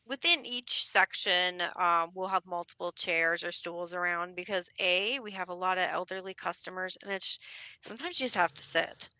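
A woman guest answering interview questions in a relaxed, wry, humorous way. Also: lowish voice, normal speed, clean tone, dry recording. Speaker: bookstore owner, guest.

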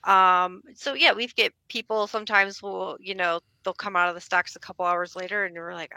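A woman guest answering interview questions in a relaxed, wry, humorous way. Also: medium pitch, normal speed, hardly any pauses, clean tone, no echo. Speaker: bookstore owner, guest.

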